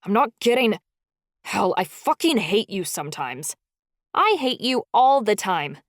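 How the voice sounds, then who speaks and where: A woman voicing a snide, sharp-tongued young woman who accuses and shouts back in a heated argument. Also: medium pitch, sing-song, moderate pace, no echo, clean studio sound, natural voice.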